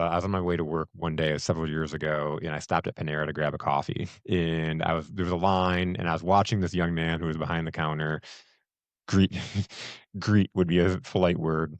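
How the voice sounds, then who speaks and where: A middle-aged man talks in a very low, deep voice, close to the mic with no room sound. He tells a story casually, with fillers and laughter. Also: dry recording. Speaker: host. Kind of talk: casual conversation.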